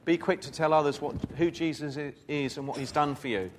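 Reading scripture during a sermon, a man with a fairly high voice moves briskly and repeatedly steps aside to chat with the congregation in a relaxed, conversational way. There is slight background noise.

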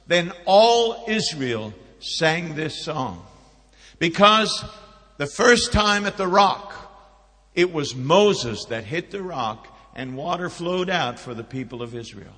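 High-voiced preacher in a reverberant hall. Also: male voice, expressive, takes it slowly. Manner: builds to loud emphatic peaks, drops to hushed storytelling. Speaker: pastor. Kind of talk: sermon.

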